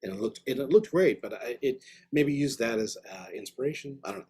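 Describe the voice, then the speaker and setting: A man's voice: mid-range voice, very animated, brisk, a little mellow, husky. A man teaching an online art class, giving enthusiastic, rambling, slangy feedback over a video call. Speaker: art instructor.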